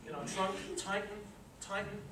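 A man with a slightly higher voice leads a workshop, coaching listeners through tensing and relaxing and repeating each instruction. He stands some distance from the mic, so his voice comes across roomy and echoey, with loud noise underneath. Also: moderate pace. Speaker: sports psychology presenter. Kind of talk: live workshop talk with guided exercise. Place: lecture room with a live audience.

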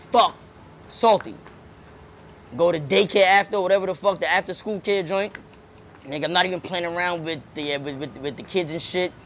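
A young man telling a childhood story in a casual interview, animated and profane, repeating words as he goes. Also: on the high side, slight background noise. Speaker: rapper and comedian, interviewee.

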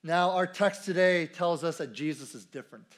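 A pastor preaches a sermon at a church service in a conversational manner, repeating key phrases and putting questions to the congregation. His voice is fairly high, at a moderate pace.

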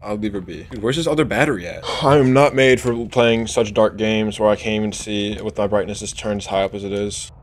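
A man's voice: on the low side, a little fast, hardly any pauses, slight background noise. A man streaming a horror game, reacting jumpily, swearing, and talking to his chat. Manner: jumpy, swears, shouts when scared, talks to chat. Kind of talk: horror game let's play commentary.

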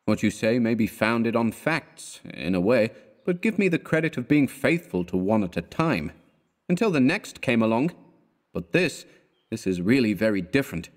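Man playing a lovesick young painter, sad, gentle, dogged, storybook reading. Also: medium pitch, big pitch swings, moderate pace, close to an everyday voice.

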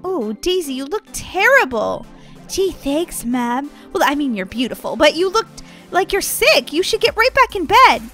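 A woman's voice: sits high, big pitch swings, moderate pace, sharp tone, soft background music. A woman playing the mom in a family role-play game, patient and mildly scolding. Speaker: role-player voicing the mom.

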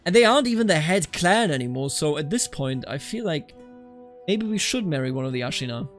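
A man from Bavaria commentating his own strategy game session, reacting with loud dismay and then resolve when things go wrong. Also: fairly high pitch, brisk, faint music behind. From Bavaria, Germany. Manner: animated, reacts loudly to setbacks. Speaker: let's play commentator. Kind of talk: live gameplay commentary.

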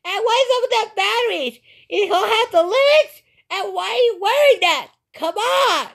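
A woman giving rambling reaction commentary on a cartoon, excitable and halting, often repeating words as she goes. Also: very high-pitched, vocal fry. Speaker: video commentator.

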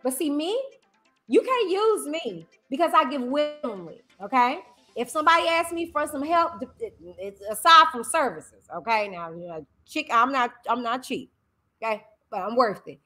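High-pitched woman on a livestream, emphatic and lively, repeats herself, bright voice, faint music behind. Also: moderate pace. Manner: animated, emphatic, repeats phrases. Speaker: YouTuber host. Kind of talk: livestream commentary.

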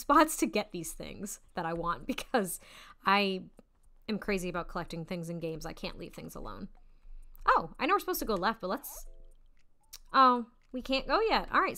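Bubbly, bright-voiced young woman gamer. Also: mid-range voice. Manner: bubbly and giggly. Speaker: gaming YouTuber. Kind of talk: let's-play commentary.

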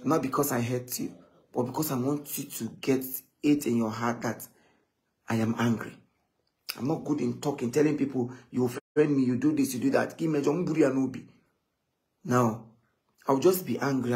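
A man telling stories in a casual live chat, animated and often quoting others. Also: medium pitch, moderate pace, long pauses. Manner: animated, switching between English and Igbo, quoting others.

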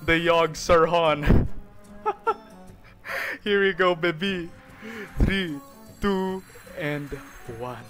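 A young gaming video host with a high voice shouts over gameplay while game music plays, yet he talks very slowly and pauses often. His excitement swings wildly, bursting into shouts and laughs.

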